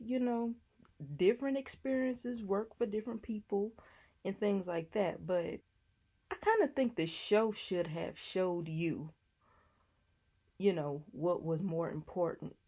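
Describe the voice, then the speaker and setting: A woman's voice: mid-range voice, mellow. Sassy woman recapping a TV episode. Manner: sassy, chatty, talks back to people on the show. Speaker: TV recap vlogger.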